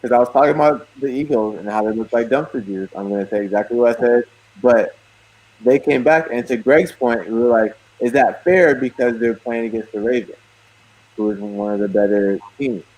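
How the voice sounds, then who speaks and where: A man's voice: medium pitch, a little fast, darkish tone, rough recording. A man co-hosting a casual sports talk show, defensive and repeating himself as he concedes.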